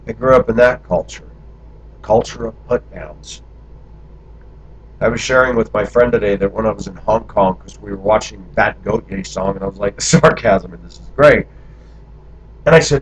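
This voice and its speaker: Man from the United States, mid-pitched and husky, candid storytelling monologue, muffled lo-fi sound. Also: moderate pace. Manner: candid, talks through memories in long run-on stretches. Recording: dull lo-fi recording.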